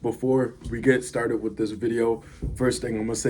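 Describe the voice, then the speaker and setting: A man's voice: medium pitch, level tone, moderate pace, a little mellow, slight background noise. A man talking casually to camera, rambling with fillers as he reviews food and tells a story. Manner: laid-back, rambling with fillers. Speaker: vlogger.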